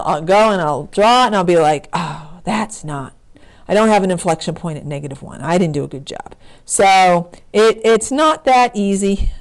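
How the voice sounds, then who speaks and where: A woman teaching a math lesson, chatty and self-correcting as she thinks aloud while working. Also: a little high. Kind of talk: recorded screen lesson.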